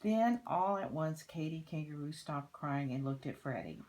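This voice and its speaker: An older woman reading a picture book aloud, gently pointing out details in the pictures. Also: low-pitched, lively intonation, normal speed, low-quality recording. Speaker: grandmother reading to children.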